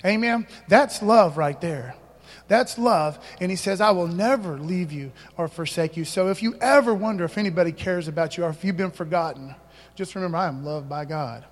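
High-voiced man preaching in a reverberant hall. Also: moderate pace. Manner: emphatic call-and-response preaching. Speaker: pastor. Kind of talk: sermon.

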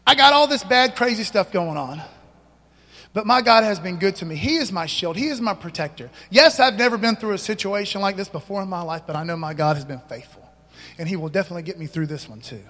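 A man's voice: sits high, animated, fast, pushed and bright. A man pastor preaching a sermon in a church, casual and conversational, full of slang and questions to the congregation. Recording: long hall reverb.

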